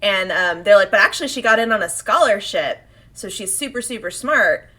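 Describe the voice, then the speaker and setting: A woman co-hosting a casual podcast, recapping an episode and acting out the characters' lines in quick quotes. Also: mid-range voice, lively intonation, sharp tone. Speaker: podcast co-host.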